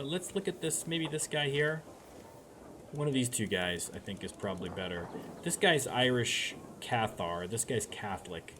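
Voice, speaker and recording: A man with a lowish voice gives casual commentary while he plays a strategy game. He muses aloud and often starts sentences over. There is clear noise behind him in the recording. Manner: musing aloud, chatty with frequent restarts. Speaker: let's play streamer. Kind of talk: gameplay commentary.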